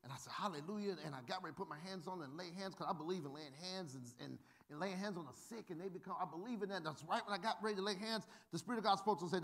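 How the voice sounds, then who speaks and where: A man's voice: high-pitched, quick pace. A male pastor preaching a sermon, telling funny stories and acting out the voices of people in them. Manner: animated, humorous, acts out quoted voices. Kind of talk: sermon with storytelling.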